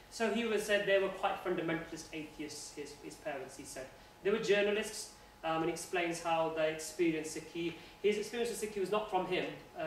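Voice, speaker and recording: Earnest male guest speaker, fairly high voice, informal religious talk, distant mic in a boomy room. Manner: earnest, conversational. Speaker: guest speaker at a university society. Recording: echoey room, voice from afar, faint noise.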